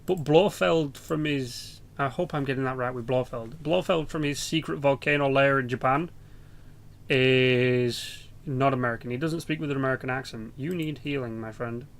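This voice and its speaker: A man's voice: medium pitch, normal speed, creaky. A young British man rambling through casual, sweary game commentary as a channel host. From Britain.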